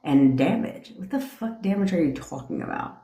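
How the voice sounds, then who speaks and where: On her livestream, a manifestation coach in her forties rants through a story bluntly and profanely, laughing a lot. She speaks at a moderate pace in a low, gravelly, dark voice whose pitch swoops wildly, and the room echoes.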